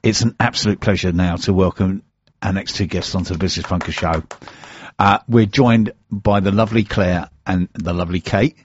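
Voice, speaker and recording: Guy hosting radio, husky, bantering, dry lo-fi sound. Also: low-pitched, steady tone, normal speed, no room sound. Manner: jokey, teasing banter. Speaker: radio show host. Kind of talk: casual radio chat.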